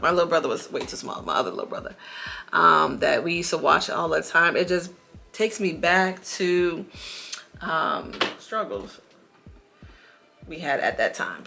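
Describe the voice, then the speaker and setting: A woman's voice: on the low side, vocal fry, pushed and bright. A woman, chatting casually to viewers while doing her makeup, a bit dramatic. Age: 40s. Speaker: beauty vlogger.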